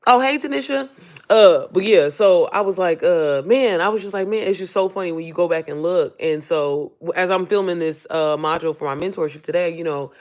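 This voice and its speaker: A woman coaching viewers in a casual live-stream Q&A, hoarse from losing her voice. She rambles in a heartfelt, emotional way, often close to tears, and calls her viewers y'all and sis. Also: on the low side, fairly quick, a little mellow. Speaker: online business coach.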